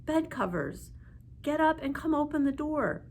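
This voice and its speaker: A pack of mischievous fairies chants in a high, bouncy sing-song, as a woman acts them out. They sound wheedling and bossy at once, with the pitch swooping up and down. It is a storybook read-aloud. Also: animated, unhurried, a little hiss or hum.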